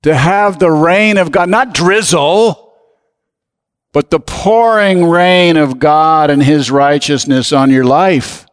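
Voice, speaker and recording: Male pastor, slightly high voice, very slow deliberate sermon delivery, long hall reverb. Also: fairly even intonation, clean tone. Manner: slow, emphatic preaching with call-and-response.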